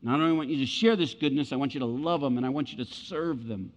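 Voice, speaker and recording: A man's voice: mid-range voice, quick pace. A male pastor preaching a conversational sermon, acting out the voices of doubters and of Jesus. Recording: muffled sound with long hall reverb.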